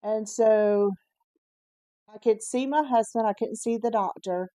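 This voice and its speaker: A woman vlogger telling a personal story in a candid, casual way, pausing on fillers and correcting herself as she goes. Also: on the high side, mellow, no echo. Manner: chatty, candid, with frequent "um" and self-corrections.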